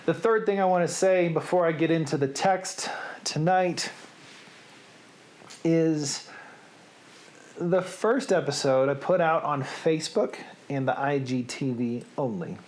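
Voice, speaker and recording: A man's voice: a little high, a little slow, pauses often, darkish tone. Rambling, self-deprecating man talking to camera. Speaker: host of a reading series. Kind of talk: casual talk to camera.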